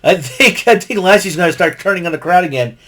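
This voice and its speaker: A man's voice: high-pitched, lively intonation, quick pace, fairly bright tone. A man casually recapping a wrestling show, rambling with many fillers and restarts and chuckling often. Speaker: podcast host recapping wrestling.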